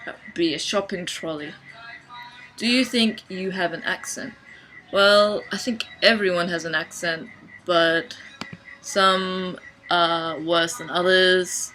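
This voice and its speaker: A young woman from Sydney with an Australian accent, talking casually to her camera in a deadpan, dry way. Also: fairly low pitch, poor audio. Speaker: vlogger. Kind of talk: casual accent-challenge video.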